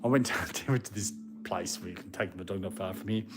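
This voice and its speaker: An Australian man live streams with a low voice at a quick pace, music playing behind him. He chats and rambles casually, breaking off now and then to scold his dogs.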